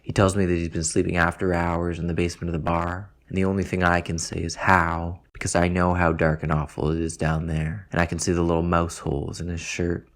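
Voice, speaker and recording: Deep, flat-voiced deadpan male narrator. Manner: dry, deadpan and crude. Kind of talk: first-person literary narration.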